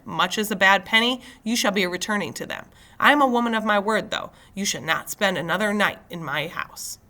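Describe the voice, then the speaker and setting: A woman's voice: mid-range voice, sharp tone. A woman voicing a stern, haughty foster mother who speaks in formal, lofty sentences, as a book is read aloud.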